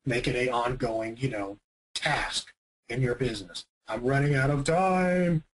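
A man giving an energetic marketing presentation, emphatic and punchy, often asking rhetorical questions. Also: medium pitch, measured pace, poor audio.

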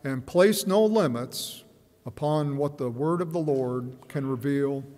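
A man's voice: mid-range voice, a little mellow. Man preaching in a reverberant church. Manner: measured, musing, hesitant with fillers and repeats. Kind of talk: sermon.

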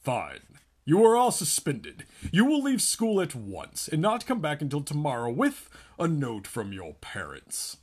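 A man doing a stern, deliberate schoolteacher. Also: on the high side, huge pitch swings, breathy edge, voice pushed up, exaggerated voice. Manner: slow, measured, dry commands. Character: stern, unflappable male schoolteacher.

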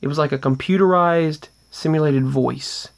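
A man's voice: a little high, moderate pace, gravelly. A man earnestly telling a rambling, casual story about paranormal events at home, often restarting his sentences. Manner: rambling, with restarts and trailing asides. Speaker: vlogger.

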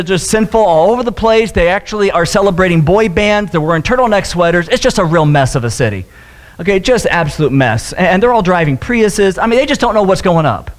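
A man, a pastor retelling a story in a humorous sermon, with jokes and acted-out voices. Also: high voice. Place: church sanctuary.

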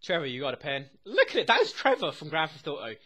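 A young man reacting to a TV episode as he watches. He talks excitedly, swears constantly and often laughs. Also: on the high side, quick pace. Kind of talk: live reaction commentary.

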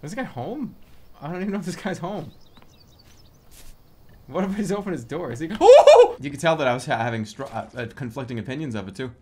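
A man streaming a game, excitable and profane, often laughing and yelping into a desk microphone. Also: fairly high pitch, brisk, slightly rough. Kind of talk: gaming livestream commentary.

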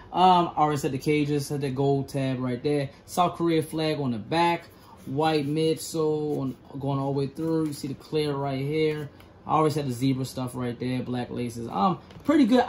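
A man with a slightly high voice talks through a sneaker review in a loose, rambling way, tripping over words and correcting himself as he reads off product specs. A faint background hiss sits under his voice.

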